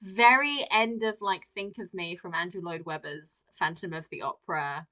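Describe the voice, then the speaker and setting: A woman's voice: fairly low pitch, moderate pace, sharp tone, rough recording. A woman hosting a podcast in casual chat, wry and dryly critical. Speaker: podcast host.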